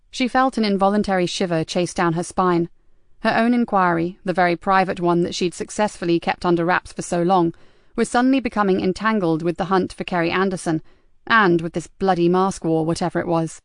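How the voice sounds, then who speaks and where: A woman narrates a crime thriller audiobook in a steady, even reading voice. Her tone carries a gravelly, creaky texture. The recording is dry and close, with no room sound. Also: on the low side, a little fast, no echo. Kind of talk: scripted narration.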